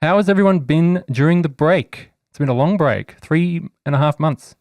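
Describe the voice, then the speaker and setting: A man hosts a podcast with an upbeat, teasing delivery. His voice is smooth and resonant. The sound is dry and close. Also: a little high, normal speed, a little mellow, no echo. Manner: upbeat, teasing, introducing guests. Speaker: podcast host and game master. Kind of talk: casual podcast chat.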